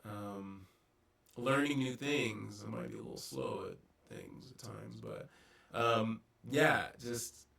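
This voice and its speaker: A man vlogging a casual, reflective monologue, pausing often with ums and restarts, recorded on a distant mic with poor audio. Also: lowish voice, animated, creaky, fairly bright tone. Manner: halting, many ums and restarts.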